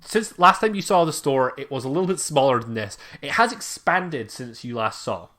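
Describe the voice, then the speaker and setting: A game master narrating a tabletop game in a relaxed, rambling way, with many fillers while reading item lists. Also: medium pitch, normal speed.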